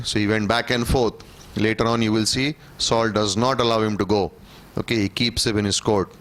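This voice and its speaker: A man teaching a church Bible class, reading scripture aloud and explaining it in a conversational way, often checking in with "okay?" and clearing his throat. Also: on the low side, a bit bright. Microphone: room microphone.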